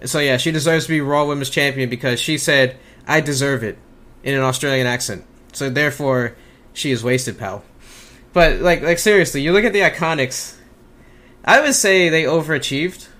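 A man's voice: fairly high pitch, normal speed, sharp tone. A man co-hosting a casual wrestling podcast, chatting with dry jokes. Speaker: podcast co-host.

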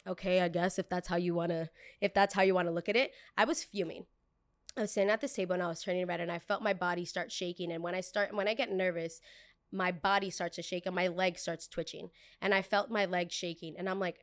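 A woman podcast host telling a story casually, with animated and dramatic retelling and quoted dialogue. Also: on the low side, quick pace.

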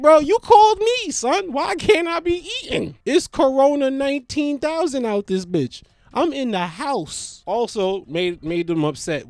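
A man telling a comedic rant, dropping into low put-on voices when he mimics others. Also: a little mellow, no room sound, clean studio sound. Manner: exaggerated, swings into low put-on voices for callers. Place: indoors at home.

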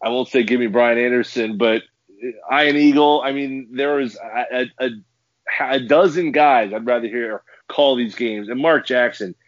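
Ranting angrily on a sports podcast he co-hosts, this man speaks emphatically, restarting often and repeating words. His voice is medium-pitched at a normal speed, and the recording is dry with a lo-fi sound.

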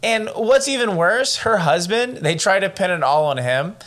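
A man co-hosting a casual true-crime podcast, telling the story in an animated, excitable way and swearing freely. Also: high-pitched, normal speed. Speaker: podcast co-host.

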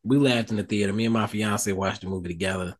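A man's voice: lowish voice, fairly even intonation, quick pace. A man chatting casually about a movie he watched with his fiance, laughing along and swearing casually. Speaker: podcast co-host.

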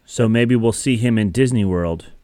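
Smooth-voiced man recapping a show. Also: lowish voice, moderate pace, a little mellow. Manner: rambling, filler-heavy storytelling. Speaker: podcast co-host. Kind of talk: casual recap chat.

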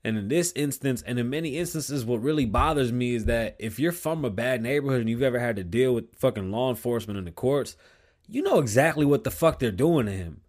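Man, solo podcast host, mid-pitched voice, swears a lot, loud animated bursts while storytelling. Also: a little fast. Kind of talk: casual solo podcast talk. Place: small home studio.

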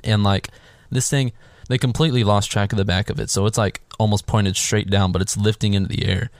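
A man in casual podcast chat, retelling a film scene by scene and acting out the characters in higher voices. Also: a little fast, dry recording, clean studio sound. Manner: animated, acts out characters' lines in higher voices.

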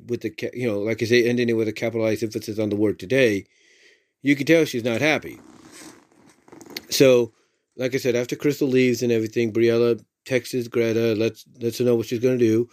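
A man's voice: medium pitch, steady tone, a little fast, a little mellow. A man giving a casual, loosely worded recap of a story, stopping often to search for words and repeating the same stock phrases. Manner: rambling, many fillers and restarts, repeats "if you will".

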